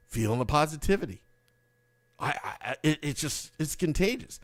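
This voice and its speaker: A man's voice: a little high, very animated, brisk, dry recording, clean studio sound. A man hosting a live hockey podcast, upbeat and hyping positivity while reading viewer comments aloud. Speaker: podcast host.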